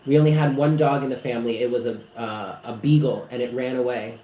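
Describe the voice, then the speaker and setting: A man's voice: medium pitch, fairly even intonation, fairly quick, mellow. Man, casual live-stream chat, rambling and emotional, lots of fillers, echoey room. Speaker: psychic reader hosting a live stream. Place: apartment. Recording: echoey room with faint noise.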